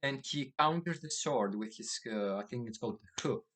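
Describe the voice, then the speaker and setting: A man with a mid-pitched voice talks through a comic chapter in casual chat. He reads the characters' lines aloud in a plain voice and fills the gaps with "uh" and restarts. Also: animated, moderate pace, a bit bright. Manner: summarizes plot with many fillers and restarts, reads quotes in a plain voice. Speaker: manga chapter reviewer. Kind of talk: casual recap reading dialogue aloud.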